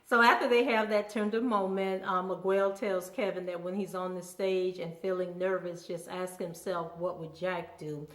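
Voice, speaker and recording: A woman's voice: mid-range voice, fairly even intonation, moderate pace, few pauses, fairly bright tone. A woman vlogger casually recapping a TV episode, chatty and full of fillers. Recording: roomy echo.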